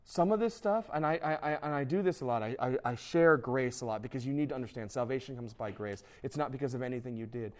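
Animated man preaching to teens. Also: medium pitch, fast talker, few pauses. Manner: conversational, animated, acts out quoted voices. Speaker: youth pastor. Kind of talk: youth sermon.

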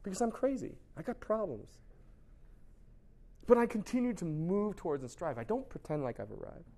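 Man, pastor, chatty youth sermon, somewhat high voice, lively rhetorical questions. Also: normal speed. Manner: chatty, animated, constant rhetorical "right?"; laughs at himself, shouts for emphasis.

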